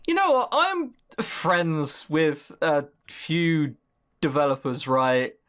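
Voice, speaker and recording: A man's voice: fairly high pitch, expressive, slow, a bit bright, smooth. Sweary, sarcastic man commentating. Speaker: let's-play host. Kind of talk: casual game commentary.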